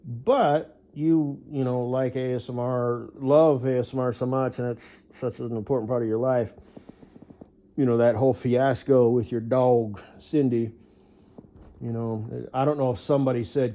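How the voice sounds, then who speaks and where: A man's voice: medium pitch, steady tone, moderate pace, dull audio. A man delivering a rambling one-sided monologue, swearing freely and filling his speech with hesitations. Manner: rambling, profane, full of fillers.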